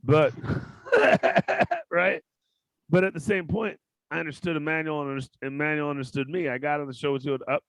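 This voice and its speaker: A man hosting a podcast interview, blunt and outspoken, swearing often and breaking into loud outbursts. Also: fairly high pitch, lively intonation, normal speed, vocal fry, no echo. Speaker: podcast host. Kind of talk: casual interview chat.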